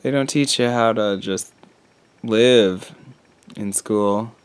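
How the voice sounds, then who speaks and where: A man in his twenties talks slowly in a fairly low, clean voice while vlogging on a nature trail, joking, rambling and making fun of himself. The recording is dry.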